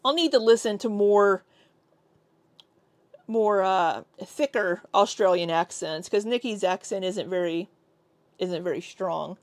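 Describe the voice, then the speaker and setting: An American woman chats casually with her live-stream viewers, laughing often, joking around, and trying out silly accents. Her mid-range voice is a little mellow and unhurried, with long pauses and no room sound.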